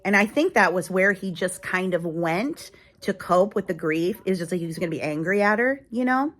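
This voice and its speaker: A woman's voice: lowish voice, lively intonation, moderate pace, a bit bright. A middle-aged woman chats candidly to the camera in a loose vlog style. She rambles, stacking fillers and restarts as she talks things through. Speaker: vlogger. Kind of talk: casual personal vlog talk.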